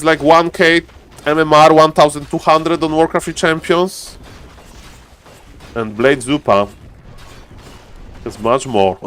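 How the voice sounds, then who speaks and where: A man casting a strategy game live, animated and laughing, breaking into high yelps. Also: smooth. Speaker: game caster. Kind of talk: excited live game commentary.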